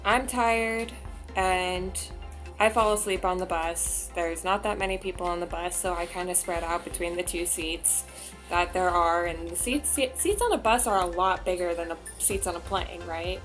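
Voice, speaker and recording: A woman's voice: fairly low pitch, moderate pace, fairly bright tone, faint music behind. A young woman vlogger telling a story casually in a chatty way, with lots of filler words.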